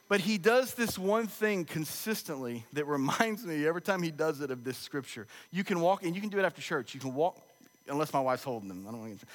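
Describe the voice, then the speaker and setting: A man's voice: fairly high pitch, fairly bright tone. A man in his thirties preaching a sermon as pastor, mixing scripture with funny family stories in a conversational way. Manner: conversational, humorous storytelling preacher. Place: church sanctuary. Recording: long echo of a large church hall.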